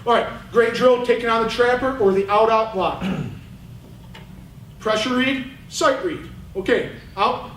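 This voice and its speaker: A man's voice: very high-pitched, measured pace. A man coaching at a clinic, talking bluntly and with fire over game film. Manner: animated, blunt, fired up. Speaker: football coach. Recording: roomy, distant mic, faint noise.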